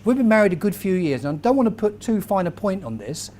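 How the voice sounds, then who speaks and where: A man, giving a lively motivational talk to a live audience and quizzing the crowd as he tells stories. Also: high voice, quick pace, a little hiss or hum. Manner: animated storyteller, quizzes the crowd. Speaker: keynote speaker.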